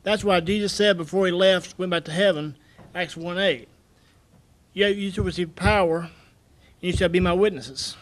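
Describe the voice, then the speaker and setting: Earnest man with a high voice. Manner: earnest, repetitive, halting. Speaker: public commenter. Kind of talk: public comment at a county meeting. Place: county commission meeting room.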